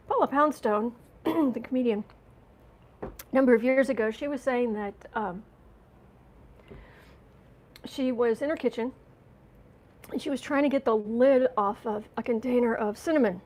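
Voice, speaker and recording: Female host, American, rambling live-stream chat, slightly high voice, congested, frequent throat clearing. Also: measured pace, long pauses, a little mellow, low-quality recording. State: runny nose and watery eyes after a coughing fit. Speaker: astrology and tarot channel host.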